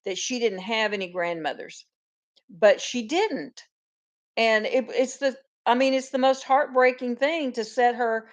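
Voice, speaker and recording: A woman's voice: on the high side, measured pace. A woman hosting a casual live chat, telling long rambling stories and greeting viewers by name. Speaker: host of a live farm chat.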